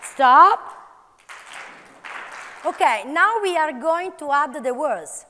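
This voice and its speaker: Italian-accented woman presenter, high bright voice, energetic commands, measured speech. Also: a faint crowd, slight background noise. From Italy. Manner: energetic, calls out commands to the audience. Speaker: conference speaker. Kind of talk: live workshop demonstration. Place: large conference hall. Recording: reverberant conference hall.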